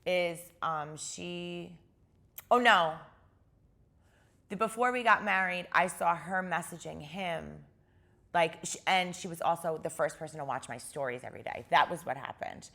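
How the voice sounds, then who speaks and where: A woman guest in a casual interview, retelling events in an animated way and using "like" a lot. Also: on the low side, measured pace, vocal fry. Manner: animated retelling, heavy use of "like".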